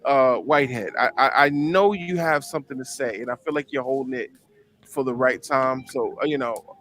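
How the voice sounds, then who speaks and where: A man's voice: medium pitch, fairly bright tone. A man hosting a casual talk show, explaining at length with plenty of fillers. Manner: conversational, drawn-out explaining with fillers. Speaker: host. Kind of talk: casual chat.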